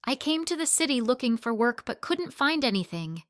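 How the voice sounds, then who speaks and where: A woman voicing a composed, kind and confident businesswoman who speaks with gentle assertiveness in a storybook reading. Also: high-pitched, sing-song, normal speed, no room sound, clean studio sound, voice pushed up. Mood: reminiscing.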